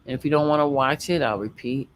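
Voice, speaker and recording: A man's voice: mid-range voice, fast, slight background noise. A man chatting casually as a guest on a late-night livestream, rambling through loose sign-offs and talking to his viewers. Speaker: livestream guest and show host.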